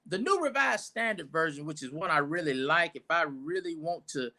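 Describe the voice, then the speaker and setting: Lively, bright-voiced male preacher. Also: a little high, normal speed. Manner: conversational, with restarts and asides, building emphasis. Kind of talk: informal sermon teaching. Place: church.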